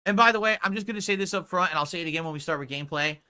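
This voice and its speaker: Fast, bright-voiced, indignant streamer man. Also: high-pitched, slight background noise. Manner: indignant, lecturing, combative. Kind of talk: livestream talk to chat.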